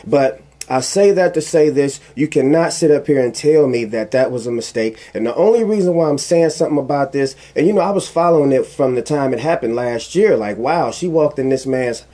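A man giving casual commentary, telling a personal story in an animated, emphatic way that repeats phrases for emphasis. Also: mid-range voice, brisk, hardly any pauses. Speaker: commentary vlogger.

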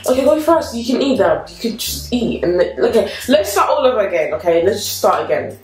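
A woman's voice: medium pitch, big pitch swings, brisk, few pauses, heavy background noise. A young woman hosting a family vlog in casual chat, teasing and coaxing, with lots of "like". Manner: teasing, coaxing, says "like" often. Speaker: vlog host. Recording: echoey room with music.

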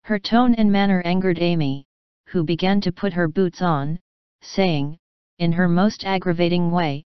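A woman reads a classic novel aloud as a bedtime audiobook, in a calm and even manner. Her voice is lowish and very smooth and clear. It is recorded dry and close, with a slightly dull, lo-fi sound. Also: unhurried, dry recording. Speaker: audiobook narrator. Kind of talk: scripted storybook narration.

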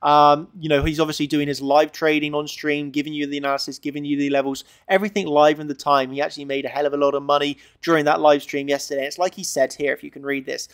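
A man's voice: a little high, flat delivery, quick pace, hardly any pauses, smooth, no echo. A man giving screen-share chart analysis as a trader, emphatic and repetitive, tagging points with "okay?".

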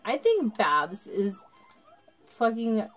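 A drunk woman commentating her gameplay casually, swearing and breaking into excitable outbursts while talking to her viewers. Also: on the high side, drawn-out words, soft background music. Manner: talks to the viewers. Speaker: gaming channel host.

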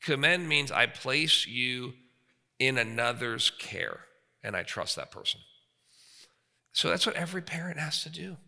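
A man's voice: mid-range voice, lively intonation, unhurried, vocal fry, long pauses, pushed and bright. A man in his forties preaching an emphatic sermon, often checking in with his listeners. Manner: emphatic, frequent rhetorical checks with the audience. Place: seminary chapel. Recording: reverberant hall.

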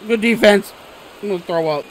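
A young man giving loud, swearing play-by-play reactions to a baseball video game, swinging from groans to shouts. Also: high voice, fairly quick. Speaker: gaming YouTuber. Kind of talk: live gameplay reaction commentary.

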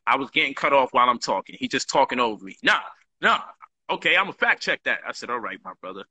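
A man's voice: medium pitch, sing-song, fast, sharp tone, breathy edge. A man hosting a talk show, telling a story in a casual, streetwise way and acting out both sides of an argument.

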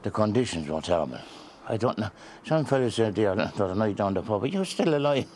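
A man's voice: on the low side, fast, a little mellow, slight background noise. An older man with a Waterford Irish accent, a retired factory worker, chatting in an interview in a broad storytelling manner.

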